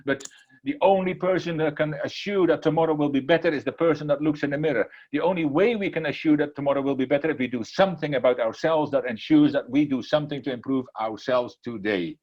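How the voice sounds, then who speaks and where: A man's voice: on the high side, quick pace, darkish tone, dull audio. Earnest man giving a motivational talk. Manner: earnest, repetitive, emphatic. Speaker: motivational speaker. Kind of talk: inspirational talk with storytelling.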